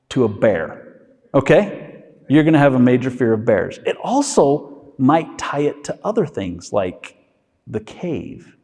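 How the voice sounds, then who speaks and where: A man's voice: medium pitch, darkish tone, long reverb tail. A man, a physician, giving a conversational lecture and checking in with his listeners with a frequent "okay?". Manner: acts out inner voices in quick asides.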